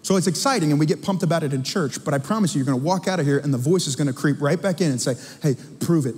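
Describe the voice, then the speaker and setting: High-voiced man preaching in a big hall. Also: very fast, husky. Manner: animated, conversational preaching. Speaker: pastor. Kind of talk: sermon. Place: church sanctuary.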